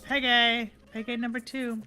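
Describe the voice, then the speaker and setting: An older woman hosting a livestream, telling a family story in animated casual chat and laughing often. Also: fairly high pitch, moderate pace, clean tone, soft background music. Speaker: livestream host.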